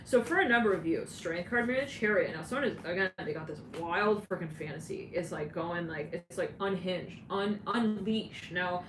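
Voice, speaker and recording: A woman's voice: lowish voice, normal speed, few pauses. A woman giving a channeled tarot reading who rambles and breaks into frequent giggles. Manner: giggly, rambling, laughs often. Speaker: tarot reader. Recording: roomy, distant mic with clear background noise.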